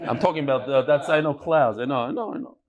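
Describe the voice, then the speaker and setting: A man's voice: mid-range voice, fast, dull audio, crowd noise. A middle-aged man teaching a Talmud class, telling stories and bantering with his students.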